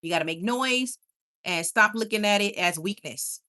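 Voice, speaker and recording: A young woman hosting a casual live stream, reading viewer comments aloud and reacting in an animated, emphatic way, quick to laugh and often repeating herself. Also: mid-range voice.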